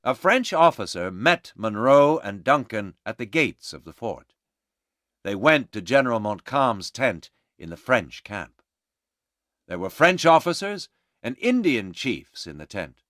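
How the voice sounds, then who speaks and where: Slow, expressive male storyteller. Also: mid-range voice, no room sound, studio quality. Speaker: narrator. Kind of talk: slow graded-reader story narration.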